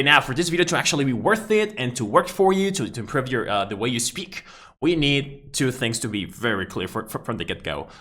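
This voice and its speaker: A man with a Mexican Spanish accent gives a casual video lesson, speaking English as a second language. His voice sits mid-range, and he stresses his points emphatically, talking straight to the camera. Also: medium pitch. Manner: emphatic, animated explaining to the camera. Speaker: English teacher.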